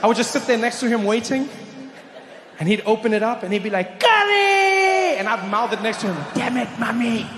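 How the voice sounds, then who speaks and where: A man doing stand-up in a large live venue, telling a story with animated delivery and shouted punchlines. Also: sits high, fast talker, a crowd in the background, noisy background. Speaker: stand-up comedian. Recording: live show in a reverberant venue.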